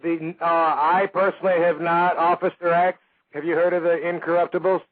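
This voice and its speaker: A man's voice: a little high, flat delivery, normal speed. A man hosting a loose call-in radio show, joking around and swearing freely. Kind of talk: loose, profane radio talk. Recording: tinny phone-like radio audio.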